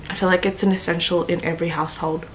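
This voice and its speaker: A woman's voice: on the low side, flat delivery, quick pace, slight background noise. A young woman, chatting casually to camera in a vlog, giggly and full of "like" and "literally". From Australia. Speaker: vlogger.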